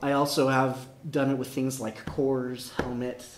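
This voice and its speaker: A man presenting his software project at a meetup, talking casually and laughing often between answers. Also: mid-range voice, flat delivery, measured pace. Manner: laughing, upbeat, talks in bursts. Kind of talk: casual tech talk. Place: meetup room. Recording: echoey room with faint noise.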